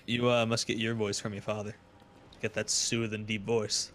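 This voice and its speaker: A man's voice: fairly low pitch, little pitch movement, normal speed, a bit bright, a little hiss or hum. A young man gaming with friends over voice chat, teasing and joking crudely. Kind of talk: casual gameplay chat with friends.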